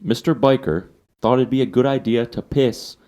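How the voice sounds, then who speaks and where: A man hosting a podcast, telling a story in a casual, animated and profane way. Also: mid-range voice, moderate pace. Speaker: podcast host.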